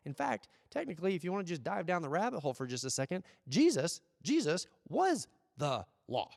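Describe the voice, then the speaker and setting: A man's voice: a little high, very animated, a little fast, gravelly, hardly any pauses. An American man preaching a conversational sermon, asking rhetorical questions and acting out little asides. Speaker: pastor. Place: church service. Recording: dry sound with long hall reverb.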